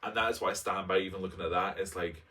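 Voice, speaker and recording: A Scottish vlogger in his late twenties, with a lower-pitched but bright, forceful voice, reads an old personal essay at a quick pace. He keeps breaking off for expressive, camp, playful asides, and sitting a little back from the mic makes him sound slightly distant.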